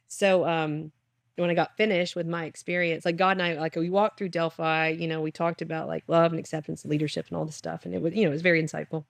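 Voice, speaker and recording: A woman who founded a ketamine clinic, telling a personal story in an animated way and acting out lines. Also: low voice, quick pace, creaky, dry recording, studio quality. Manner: animated storyteller, acts out voices.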